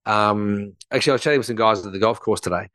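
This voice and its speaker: A man in his fifties, a guest expert on a podcast, easygoing and quick to laugh as he explains through anecdotes. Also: on the low side, fairly bright tone, no room sound. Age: 50s. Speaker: gut health expert guest. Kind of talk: casual conversational interview.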